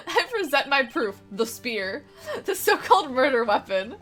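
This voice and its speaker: A woman's voice: high voice, sing-song, unhurried, a bit bright, faint music behind, full character voice. A woman reading out, with emphasis, the lines of a confident young male defense lawyer. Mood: triumphant.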